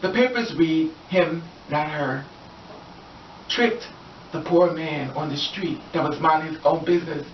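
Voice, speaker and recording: A woman's voice: low voice, a little slow. Earnest woman, far from the mic. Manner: earnest and emphatic, with repeated phrases. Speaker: storyteller. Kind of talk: impassioned spoken monologue. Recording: distant echoey dull noisy recording.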